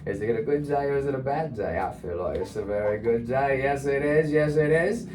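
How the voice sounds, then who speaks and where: Man doing a faux British accent, swaggering, cheery, sing-song, higher and louder than his own voice. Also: lively intonation, a little fast, recorded from a distance, over music, natural voice. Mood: playful swagger. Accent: British, put on. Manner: playful, sing-song, upbeat.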